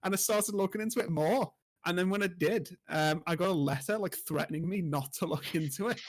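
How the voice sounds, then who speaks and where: A man chatting on a casual gaming podcast, his voice a touch higher than most. He tells stories in an animated way, acting out lines and laughing as he goes. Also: a little fast. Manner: animated storyteller, laughing as he acts out game events. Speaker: podcast co-host and streamer.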